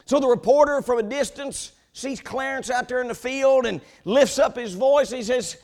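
A man preaching a sermon, telling a story with animated build-ups before turning to the scripture text. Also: very high voice, moderate pace, hardly any pauses. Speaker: pastor.

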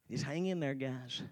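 A preacher in his forties giving a sermon, telling his own story and swinging from quiet storytelling to slow, shouted fervor. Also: mid-range voice. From Tennessee. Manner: shouts and slows down in the fervent parts, quiet and fast in the storytelling.

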